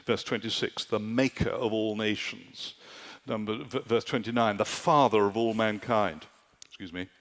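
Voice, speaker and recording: A man preaching a sermon at a summer camp, animated and rhetorical, often checking in with "do you see?". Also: on the low side, moderate pace, long reverb tail. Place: large conference hall at a summer camp.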